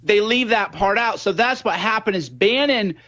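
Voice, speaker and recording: A man's voice: high-pitched, moderate pace, lo-fi sound. A man appearing as a guest commentator on a political talk show, telling stories and acting out what others say. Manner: animated storytelling, acts out quoted voices.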